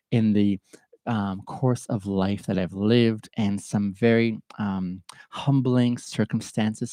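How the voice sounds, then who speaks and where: A man's voice: on the low side, dark tone, dry recording. A middle-aged man hosting a solo podcast, speaking earnestly and from the heart with a stuffy, sniffly nose. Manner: earnest, heartfelt and openly emotional. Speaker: podcast host. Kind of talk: reflective solo podcast monologue.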